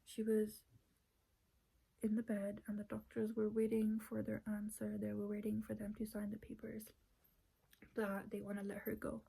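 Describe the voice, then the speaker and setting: A woman's voice: mid-range voice, completely flat delivery, moderate pace, creaky, warm tone, slightly rough, low-quality recording. A woman earnestly telling a personal family story, retelling conversations at length.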